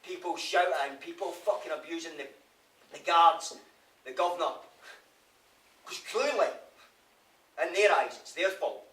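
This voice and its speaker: In a theatre monologue, a stage actor with a Scottish accent voices a remorseful male prisoner who swears constantly. His fairly high, bright voice is forceful and unhurried, with long pauses, and the mood is raw, brooding guilt. The audio comes live from the stage, roomy and far away.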